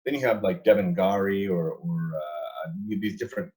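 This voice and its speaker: A man's voice: deep voice, moderate pace, a little mellow, rough recording. A man talking as a guest in a casual interview, emphatic, repeating and restarting his words, laughing between points.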